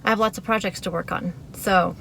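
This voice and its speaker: A woman's voice: mid-range voice, fairly even intonation, fairly quick, creaky, fairly bright tone, a little hiss or hum. A woman talking casually to her camera in a vlog, chatty and rambling, with fillers and restarts. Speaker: vlogger.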